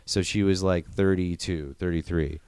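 A man in casual chat reviewing a movie, profane and animated, acting out the scenes. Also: low voice, moderate pace, clean tone, no room sound, clean studio sound.

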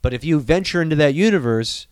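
A man co-hosting a casual chat, animated and joking, swearing freely. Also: a little high, quick pace, smooth, no echo.

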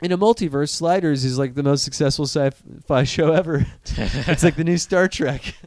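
A man's voice: fairly high pitch, moderate pace, a little mellow, dry recording. Profane joking man in casual chat.

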